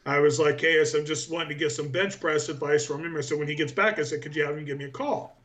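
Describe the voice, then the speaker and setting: A man's voice: fairly high pitch, fairly even intonation, fast, a bit bright. A man in his forties, a powerlifter guest, telling long rambling anecdotes in a casual interview, full of fillers.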